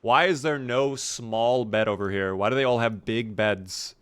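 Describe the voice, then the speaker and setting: A hoarse man commentating his own gameplay live, chatting with viewers and answering their questions. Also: medium pitch, unhurried. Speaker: streamer.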